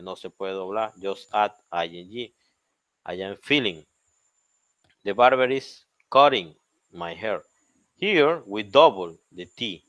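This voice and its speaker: A man's voice: fairly low pitch, fairly bright tone, dry recording. A man with a Chilean Spanish accent teaching an English grammar lesson, repeating each point in Spanish and spelling out letters.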